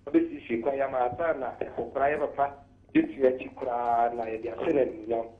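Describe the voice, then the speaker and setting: A man's voice: medium pitch, fairly even intonation, fast. A man calling a radio show to plead formally for a road repair. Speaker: caller. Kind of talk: radio call-in appeal. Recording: tinny phone line.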